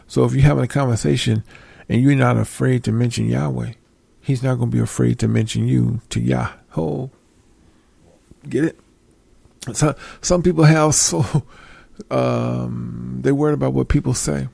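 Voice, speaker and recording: A man's voice: mid-range voice, steady tone, normal speed, vocal fry, mellow, slightly rough, no room sound. Middle-aged male preacher, conversational, dry close sound, reads scripture and asks for agreement. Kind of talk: casual sermon with scripture reading.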